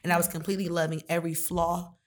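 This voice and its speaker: A woman's voice: lowish voice, level tone, racing. A woman talking candidly and emotionally in a heart-to-heart conversation, full of casual slang.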